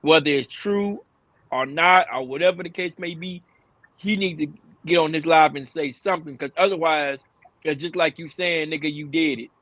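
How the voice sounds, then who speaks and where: A man's voice: on the high side, normal speed, a bit bright, no echo, low-quality recording. A man co-hosting a live stream, giving blunt, emphatic opinions in casual commentary.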